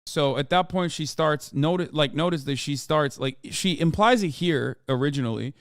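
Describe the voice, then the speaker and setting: A man's voice: on the high side, moderate pace, dry recording, studio quality. Resonant-voiced man commenting emphatically. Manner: emphatic, stresses points with "okay?". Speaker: streamer. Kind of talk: reading text messages aloud and commenting.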